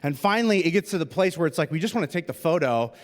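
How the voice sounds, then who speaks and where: Joking middle-aged pastor in a reverberant hall. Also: male voice, a little high, lively intonation, fast talker. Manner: chatty, self-deprecating, many fillers. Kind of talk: humorous sermon storytelling. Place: church auditorium. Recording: long church hall reverb.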